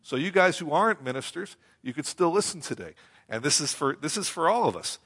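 A man's voice: a little high, big pitch swings, a little fast, a bit bright, breathy edge. Man preaching in a conversational style. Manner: conversational preaching with rhetorical questions and repeated phrases. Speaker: pastor. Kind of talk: sermon.

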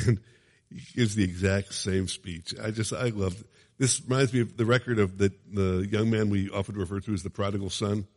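Low-voiced preacher in an echoing hall. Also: male voice, fairly even intonation, normal speed, darkish tone. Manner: conversational, chuckling asides, dramatic reading. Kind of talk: sermon with scripture reading.

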